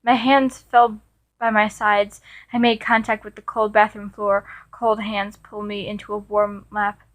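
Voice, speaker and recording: A woman of middle pitch reading a first-person fan fiction story aloud. Her delivery is earnest and unpolished, with small stumbles and restarts. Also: little pitch movement, measured pace. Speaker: story reader.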